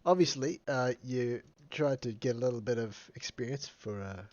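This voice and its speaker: A man's voice: mid-range voice, normal speed, a little mellow, dry recording. Man, podcast co-host, teasing banter, dull lo-fi sound. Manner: teasing, swears a lot, laughs often. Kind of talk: casual chat.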